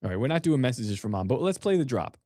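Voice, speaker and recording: A man's voice: mid-range voice, very animated, dark tone, slight background noise. A man co-hosting a podcast in casual chat, joking and speculative. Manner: joking, speculative, quick to laugh. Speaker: podcast co-host.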